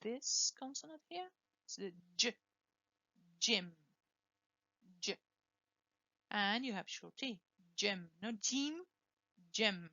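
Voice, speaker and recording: A woman teaching English pronunciation, slowly and deliberately modelling words for students to repeat. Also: mid-range voice, animated, sharp tone, no echo, lo-fi sound. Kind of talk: pronunciation lesson with drills.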